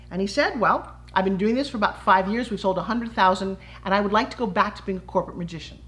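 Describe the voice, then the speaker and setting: A middle-aged woman, a fitness entrepreneur, telling her personal story to camera in a lively way and acting out the quoted voices. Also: medium pitch, quick pace, hardly any pauses. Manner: animated, acts out quoted voices.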